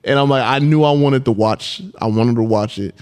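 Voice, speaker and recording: A man's voice: mid-range voice, normal speed, darkish tone, clear, resonant tone. A man co-hosting a podcast, chatting casually with laid-back, slangy reactions. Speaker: podcast co-host.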